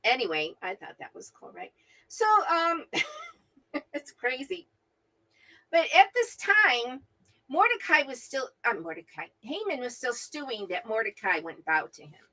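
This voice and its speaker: A middle-aged woman, mother of her co-host, retelling a Bible story as an animated storyteller who keeps asking "right?". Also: high-pitched, measured pace, low-quality recording. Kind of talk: casual Bible discussion. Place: at home, remote from her co-host.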